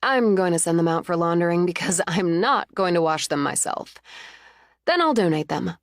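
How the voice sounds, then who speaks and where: A woman's voice: on the low side, animated, normal speed, no room sound. A jilted young woman, read by a woman narrator, more angry than heartbroken. She talks bluntly, with a dry wryness and a resolute edge. The audiobook recording is dry and close. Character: hurt but angry young woman, wry.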